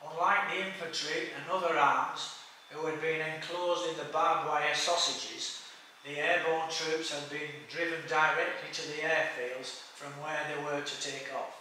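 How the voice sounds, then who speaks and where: A man's voice: fairly high pitch, bright, forceful tone, far from the mic, slight background noise. Man lecturing in a very echoey room. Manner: reads steadily from notes with small stumbles. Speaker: speaker giving a history talk. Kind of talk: read-aloud history lecture.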